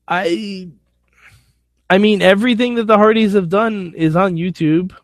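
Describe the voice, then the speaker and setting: A man's voice: sits high, a little slow, no room sound, studio quality. Blunt, opinionated man with a raised voice. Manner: opinionated, blunt, occasionally profane. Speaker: podcast host. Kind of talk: casual solo wrestling recap.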